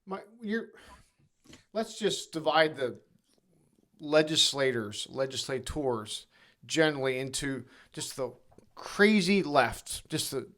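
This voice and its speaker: A man's voice: medium pitch, lively intonation, slow pace, fairly bright tone. A man co-hosting a political podcast, posing rhetorical questions and listing points with emphasis. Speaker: podcast co-host, former governor. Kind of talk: podcast conversation.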